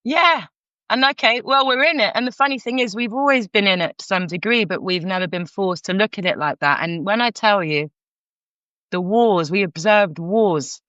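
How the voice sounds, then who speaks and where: A woman's voice: medium pitch, moderate pace, no echo. A middle-aged woman from North London with a London accent, telling a candid story as a podcast guest, frank and full of restarts. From North London, England. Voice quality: frank, animated, many restarts. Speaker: guest, counsellor. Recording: dull lo-fi sound.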